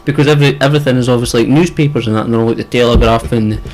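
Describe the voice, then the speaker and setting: A young Scottish man co-hosting a casual podcast, his voice sitting at an ordinary middle pitch. He rambles through his points with plenty of fillers, restarts and offhand swearing. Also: very fast, darkish tone, rough recording. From Scotland. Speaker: podcast co-host. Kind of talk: casual chat.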